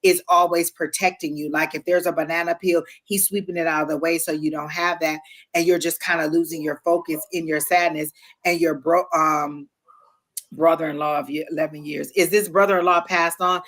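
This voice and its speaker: A woman doing a live psychic reading, animated and emotional, quickly sharing each impression she gets. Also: low voice. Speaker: tarot reader.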